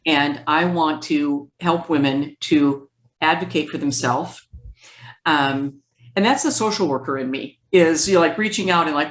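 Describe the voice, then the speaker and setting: A woman with a notably low voice tells her story with energy and acts out the lines of others. The conversation echoes in a roomy space. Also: measured pace. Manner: lively storytelling, acts out quoted speech. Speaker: guest therapist. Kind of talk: conversational interview.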